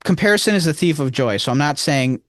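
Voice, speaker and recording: Rochester-accented male co-host, earnest rambler, higher voice, dry close mic. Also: animated, fast talker, no echo. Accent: Rochester, New York. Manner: rambling, earnest, emphatic swings in pitch. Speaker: podcast co-host. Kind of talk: casual chat.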